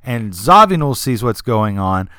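A man hosts a podcast and tells a backstage anecdote with animated energy, slipping into voices for the people in the story. His speaking voice sits in a middle pitch. The recording is dry and close, with no room sound. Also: measured pace, clear, resonant tone, no echo. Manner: animated, with vivid character voices. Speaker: podcast host.

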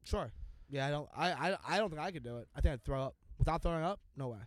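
A man's voice: fairly high pitch, lively intonation, quick pace, no room sound. A man co-hosting a casual podcast chat, swearing and bantering with exasperation. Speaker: podcast co-host.

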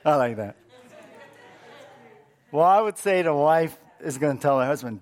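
A man preaching a sermon as pastor, earnest and measured, repeating key points. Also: on the high side, lively intonation.

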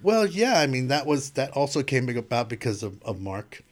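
A man who is a guest artist, telling a casual, animated story and acting out the things people said to him. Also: mid-range voice, moderate pace. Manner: animated storyteller who acts out quoted exchanges.

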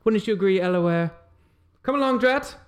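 A man's voice: high-pitched, lively intonation, a little fast, pitched above the performer's own voice. A man voicing a prim, witty aristocratic lady with genteel, affected upper-class speech. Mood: cutting.

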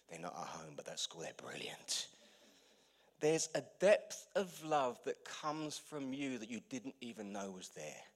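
A man preaching a sermon to his church, animated, swinging between loud emphatic bursts and quiet intimate asides. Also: on the high side. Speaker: pastor.

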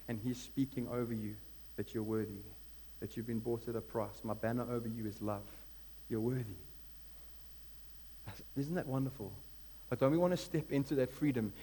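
A man's voice: mid-range voice, mellow. A man preaching a sermon as pastor, earnest and building to emphatic peaks. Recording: long hall reverb with mains hum.

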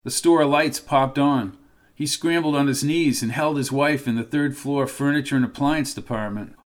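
A man giving scripted narration of a horror story in a steady, measured way. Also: medium pitch.

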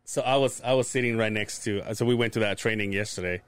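A man's voice: fairly low pitch, steady tone, fast talker, clean tone. A man co-hosting a podcast in casual chat, rambling through stories and swearing, with many restarts. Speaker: podcast co-host.

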